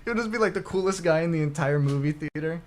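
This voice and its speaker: A man's voice: on the high side, quick pace, a little hiss or hum. A young man co-hosting a casual chat, rambling with many fillers. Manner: rambling, lots of fillers, laughs into put-on voices. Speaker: podcast co-host.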